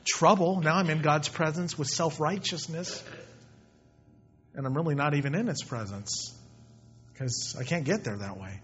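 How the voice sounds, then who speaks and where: A man preaching a sermon emphatically, swinging between loud and soft and repeating key points. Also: a little high, moderate pace, pauses often, slightly rough. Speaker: pastor. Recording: dull lo-fi recording.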